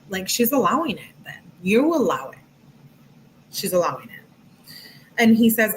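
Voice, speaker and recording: A woman's voice: medium pitch, lively intonation, normal speed, slight background noise, rough recording. A woman giving casual true crime commentary, reading text messages aloud and breaking off with chatty asides. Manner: chatty, reads texts aloud with frequent asides.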